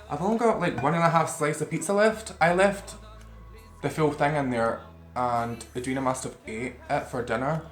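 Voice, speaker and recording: This eating-show vlogger talks to the camera in front of him from a room at home, rambling and cursing freely between bites. He speaks a little high at a moderate pace, and the room echoes.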